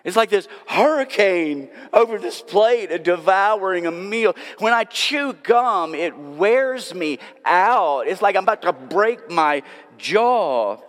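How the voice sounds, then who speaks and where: A man, a pastor, preaching a sermon, telling self-mocking stories and then dropping to hushed, drawn-out words. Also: high-pitched, animated. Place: church sanctuary. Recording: long hall reverb.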